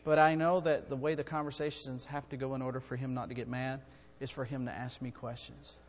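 A middle-aged man preaching a sermon in a church, earnest and building to loud, urgent storytelling. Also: mid-range voice, level tone, fairly quick. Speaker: guest preacher. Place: church sanctuary. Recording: long hall reverb.

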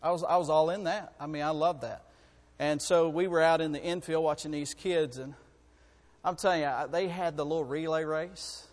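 A man, preaching a folksy sermon that rises to fervent shouting. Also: a little high, steady tone, normal speed, in a large hall.

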